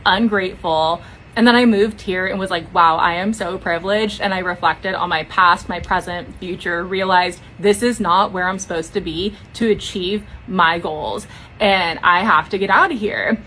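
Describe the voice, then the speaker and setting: A woman's voice: medium pitch, fairly even intonation, a little slow, pushed and bright, slight background noise, rough recording. Young woman with a Valley-girl way of talking. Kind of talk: casual vlog monologue.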